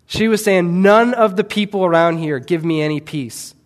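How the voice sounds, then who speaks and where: A man's voice: high voice, normal speed. A man preaching a sermon to his church, earnest and building to fervent emphasis as he tells a missionary story. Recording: long reverb of a large hall.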